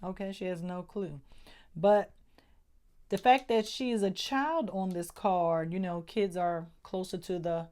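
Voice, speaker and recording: Chatty woman tarot reader, slow-paced. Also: fairly low pitch, darkish tone. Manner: slangy, chatty, repeats "okay?" often. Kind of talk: casual monthly tarot reading.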